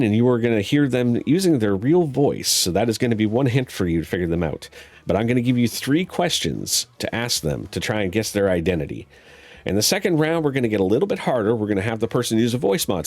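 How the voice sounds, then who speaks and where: Low-voiced joking game show host. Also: male voice, a little mellow. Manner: joking, teasing, bawdy patter. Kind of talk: streamed game show hosting.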